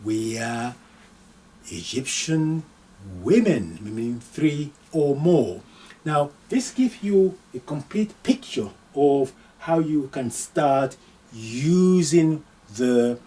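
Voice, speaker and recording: In a recorded Arabic lesson, a man with a mellow, medium-pitched voice patiently repeats each phrase and gives its translation. He reads the sample lines slowly for pronunciation, and his voice is picked up from a distance.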